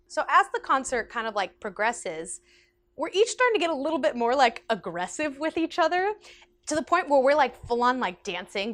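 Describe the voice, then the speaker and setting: A young woman casually telling a personal story, animated and chatty, with lots of "like" fillers. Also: high-pitched, a little fast. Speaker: vlogger.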